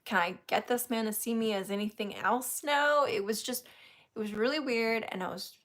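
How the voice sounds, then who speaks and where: A woman's voice: on the high side, moderate pace, a bit bright. A woman hosting a casual chat, telling a story candidly and laughing often. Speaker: host.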